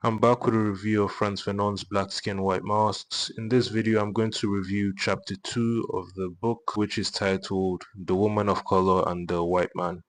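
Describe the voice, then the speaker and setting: A man with a very deep voice reviews a book in a flat, steady tone. He has little rise and fall as he talks. The delivery stays even from line to line. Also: moderate pace, few pauses. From Nigeria.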